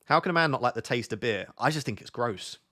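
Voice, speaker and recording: A man's voice: medium pitch, animated, fast talker, bright, forceful tone. A young British man hosting a casual live stream, chatting and reading out questions from his viewers. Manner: chatty, reads chat questions aloud. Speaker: streamer host.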